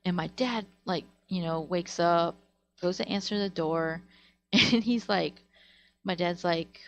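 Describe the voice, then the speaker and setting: Speaking slowly in a lowish, creaky voice, a woman streamer tells stories to her live chat from home on a webcam or desk mic. She rambles casually, with "like" and other fillers cropping up constantly.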